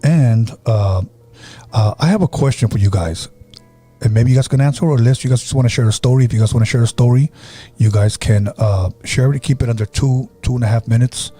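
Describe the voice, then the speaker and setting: A man's voice: mid-range voice, fairly quick, slightly rough, soft background music. A man hosting a paranormal podcast, telling stories casually and opening the phone lines to listeners. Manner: relaxed storyteller, acts out quoted voices; takes calls from listeners. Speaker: podcast host.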